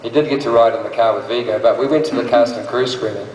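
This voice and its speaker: A man's voice: mid-range voice, steady tone, fast talker, a little mellow. Man, panel actor, chatty, roomy hall echo, faint hiss. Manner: chatty, laughs as he explains. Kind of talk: anecdote and explanation to an audience. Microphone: phone recording from the audience. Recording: echoey hall from far off, faint noise.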